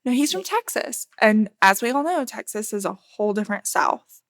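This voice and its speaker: A woman's voice: mid-range voice, big pitch swings, moderate pace, no echo. Southern woman chatting, dry close sound. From American South. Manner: laughs often, rambling with many fillers. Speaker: podcast co-host. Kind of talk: casual chat.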